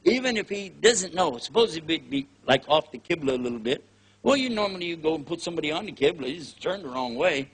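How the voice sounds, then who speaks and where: A man's voice: fairly high pitch, expressive, fast, husky. An older man with a Texan accent giving a casual, joking lecture as a preacher, acting out little scenes in other voices. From Texas, USA. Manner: folksy, joking, acts out scenes in quoted voices.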